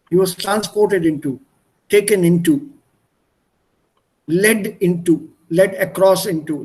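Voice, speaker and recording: Male language tutor on a video call, high voice, patient and repetitive in his explanations. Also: a little mellow. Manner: patient, explains by repeating synonyms. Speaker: German tutor. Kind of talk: online one-on-one language lesson.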